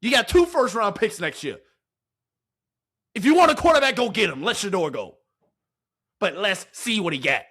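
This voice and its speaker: Brief: man, heated fan-commentary host, expressive high voice, profane rhetorical ranting. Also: normal speed, pauses often, husky. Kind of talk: fan reaction rant.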